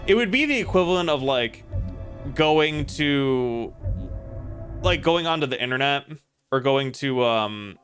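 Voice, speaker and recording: A man's voice: mid-range voice, lively intonation, measured pace, fairly bright tone, soft background music. A young man playing a video game and ranting profanely while telling a story. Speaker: gaming streamer. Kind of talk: casual let's-play chat.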